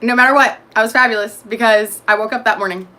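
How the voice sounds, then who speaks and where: Chatty, bright-voiced woman vlogger. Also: fairly even intonation, quick pace. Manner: chatty, blunt and profane, swinging from loud bursts to low mutters. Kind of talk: casual rambling vlog monologue. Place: at home doing her makeup.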